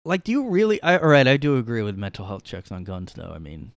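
A man's voice: mid-range voice, huge pitch swings, fast talker, dry recording. Sarcastic rambling man in a dry room. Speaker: podcast host. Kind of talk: casual solo commentary. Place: his room.

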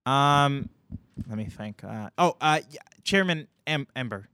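A man's voice: medium pitch, lively intonation, a little slow, bright, forceful tone, clean tone, no echo. Hesitant man running a tabletop game. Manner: hesitant, lots of ums and restarts. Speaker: game master.

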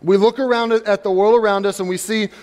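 Male pastor, high-pitched, conversational preaching to the congregation, long church-hall reverb. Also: fairly even intonation, fast, darkish tone. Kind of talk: sermon. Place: church sanctuary.

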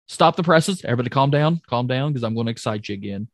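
A man co-hosting a podcast in casual chat, excitable and jokey, often trailing off and restarting. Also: medium pitch, quick pace, no room sound, clean studio sound. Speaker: podcast co-host recapping wrestling.

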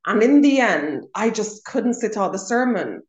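A woman's voice: mid-range voice, very animated, normal speed. A young adult woman co-hosting a casual chat, telling a personal story with emphatic repetition. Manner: emphatic storytelling, repeats words for stress. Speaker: co-host. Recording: roomy echo.

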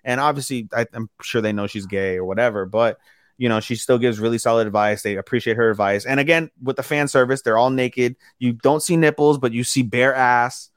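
A man co-hosting a podcast, casually recapping an episode with animated delivery and quick bits of acted dialogue, swearing freely. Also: medium pitch, clear, resonant tone, no room sound, clean studio sound. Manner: animated recapping, acting out characters' lines in quick put-on voices, swears freely. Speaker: podcast co-host. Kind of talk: casual chat.

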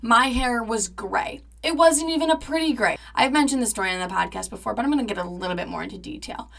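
A young woman in her twenties talks through a personal story on her podcast. Her voice is bright and crisp. She is chatty and dramatic, leans on "like" constantly, and swears freely. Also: on the high side, animated, fast. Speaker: podcast host. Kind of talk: casual storytelling monologue.

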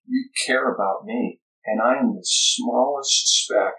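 A man, a pastor, speaking as a guest in an earnest, reflective way with frequent halting restarts. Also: medium pitch, bright, forceful tone. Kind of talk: reflective conversation. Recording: echoey room, distant from the mic.

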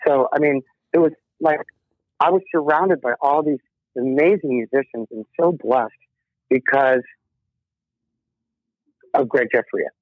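A man's voice: medium pitch, unhurried, pauses often, no room sound. Middle-aged musician guy telling stories, acts out everyones lines, dry tinny phone sound. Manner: animated, acts out quotes, laughs often. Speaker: guest rock musician. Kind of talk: casual storytelling interview.

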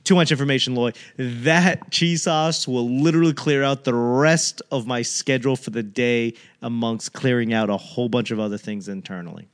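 A man's voice: medium pitch, moderate pace, few pauses. Male host, casual comic rant, rambling and profane, acts out quoted voices.

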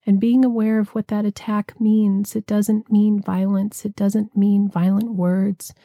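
A woman giving a gentle, reflective spiritual talk, slowing down to linger on lists of words. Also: mid-range voice, level tone, no echo, studio quality.

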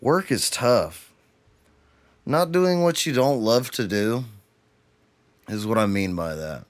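A young man from Texas hosting a solo podcast, ranting with heavy swearing and then sinking into a tired, low murmur. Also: expressive, slow pace. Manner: profane, heated ranting that cools to a weary murmur. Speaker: podcast host.

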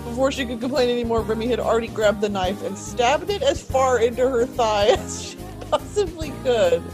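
A woman's voice: a little high, brisk, music in the background. A woman guest chatting casually and reading a fan fiction aloud with mock intensity, laughing often.

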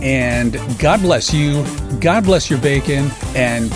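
A man hosting a podcast, talking casually and enthusiastically about food with drawn-out emphasis. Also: medium pitch, over music. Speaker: podcast host.

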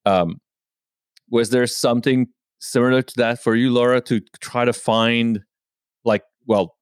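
A man's voice: medium pitch, steady tone, unhurried, clean tone, no room sound. Rambling man with a dry sound. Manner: rambling, heavy use of "you know, like". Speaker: host. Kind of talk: casual conversation.

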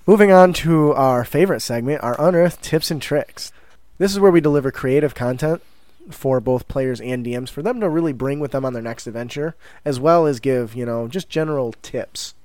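A man co-hosting a tabletop gaming podcast in casual chat, animated and laughing, slipping into quick character voices. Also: mid-range voice, no echo. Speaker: podcast co-host.

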